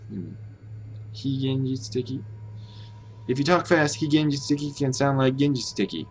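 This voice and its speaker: An American man hosts a language-learning live stream in casual commentary, thinking aloud hesitantly and correcting himself as he goes. His mid-range voice sounds animated and brisk, with a little hiss or hum in the background.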